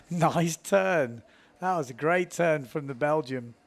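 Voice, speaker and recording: A man's voice: on the high side, takes it slowly. A man commentating live windsurfing, chatty and self-mocking, laughing often as he talks.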